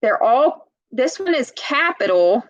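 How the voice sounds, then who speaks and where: A woman reading a children's picture book aloud, pausing to point out words and ask young listeners questions in a clear, teacherly way. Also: sits high, very animated, lo-fi sound.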